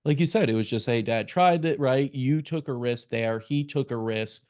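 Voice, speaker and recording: A man hosting an interview, asking questions and reflecting in a measured, deliberate way. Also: medium pitch, a little mellow. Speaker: host.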